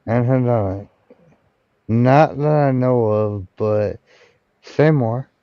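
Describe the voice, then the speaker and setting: A man's voice: medium pitch, slow pace, no echo, highs cut off. A man hosting a casual livestream chat, rambling and sardonic, with frequent swearing.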